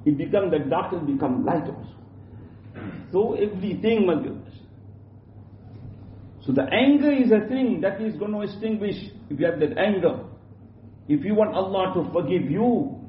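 A man giving an Islamic sermon in an emphatic, repetitive way, often restarting his sentences, recorded from a distance in a prayer hall. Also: sits high. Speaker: Islamic preacher. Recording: roomy, distant, dull lo-fi with faint hum.

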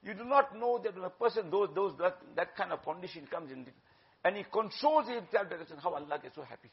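A man's voice: high voice, expressive, a little fast. A man preaching a sermon, exhorting his listeners and mixing in Urdu phrases. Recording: dull lo-fi recording.

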